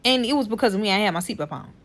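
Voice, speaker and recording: A woman's voice: medium pitch, racing. A young woman telling a heated personal story straight to her viewers, swearing freely and talking to them directly. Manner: profane, animated, addresses viewers directly. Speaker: TikTok creator.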